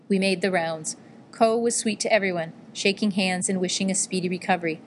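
Low-voiced woman reading a story gently. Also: steady tone, a little fast, a little hiss or hum. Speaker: audiobook narrator. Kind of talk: scripted narration of a memoir-style novel.

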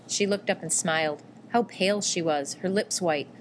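A woman narrating a first-person memoir in a measured, quietly emotional reading. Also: lowish voice, slight background noise. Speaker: audiobook reader.

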